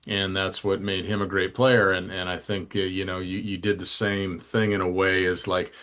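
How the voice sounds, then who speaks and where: A man's voice: low-pitched, little pitch movement, normal speed, a bit bright. A man hosting a podcast interview, reflecting aloud and asking long, rambling questions. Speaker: podcast host. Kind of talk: interview conversation.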